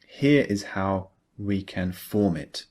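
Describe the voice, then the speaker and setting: A man's voice: low voice, a little mellow. A man teaching an English lesson, explaining a speaking pattern patiently and step by step. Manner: slow, patient, explains each example step by step. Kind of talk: scripted lesson narration.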